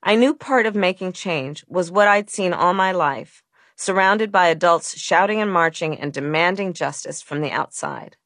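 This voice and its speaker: A woman reads her own audiobook in a measured, earnest voice. Her pitch sits a little low for a woman. The recording is dry and close, with no room sound. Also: fairly bright tone, no echo. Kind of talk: audiobook narration.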